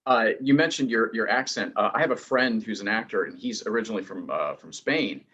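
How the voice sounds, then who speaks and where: A man's voice: lowish voice, a little fast, a bit bright, breathy edge, highs cut off. A man interviewing a guest, asking loose questions with many fillers.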